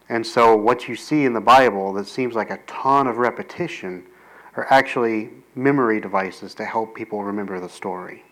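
A man's voice: mid-range voice, a bit bright, poor audio. A male pastor giving a conversational sermon, reading scripture and breaking into casual asides. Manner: conversational, jokey asides with frequent "right?" and "like"; reads scripture aloud, then explains it.

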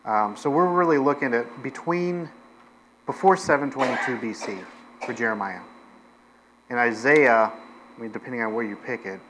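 A man's voice: medium pitch, moderate pace, long pauses, a bit bright, a little hiss or hum, low-quality recording. A man preaching a sermon as pastor, in a conversational way with frequent fillers, restarts and self-deprecating asides.

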